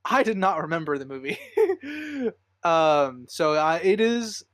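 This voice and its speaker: A man's voice: on the high side, big pitch swings, slow, dry recording, studio quality. A man hosting a casual movie podcast, rambling with many fillers and frequent laughs. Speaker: podcast host.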